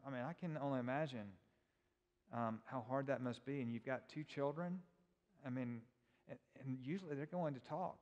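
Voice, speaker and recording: Middle-aged male church teacher, mid-pitched voice, conversational and storytelling, long hall reverb. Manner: conversational, quizzes the audience. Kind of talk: informal teaching talk with personal stories.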